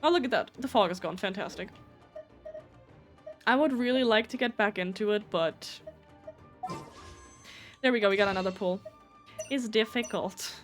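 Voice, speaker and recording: A woman's voice: mid-range voice, moderate pace, long pauses, soft background music. A woman with a German accent, a native German speaker, chatting casually and rambling on a live gameplay stream, swearing often.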